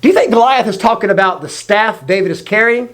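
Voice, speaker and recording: A man telling a Bible story to young people in a casual, energetic way, acting out the quotes. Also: sits high, fast talker. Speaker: youth faith video teacher.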